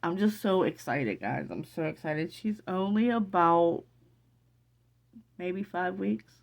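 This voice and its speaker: A middle-aged woman in an emotional casual vlog, excited and teary, rambling with many restarts. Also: lowish voice, slow, creaky. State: teary from crying. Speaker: vlogger.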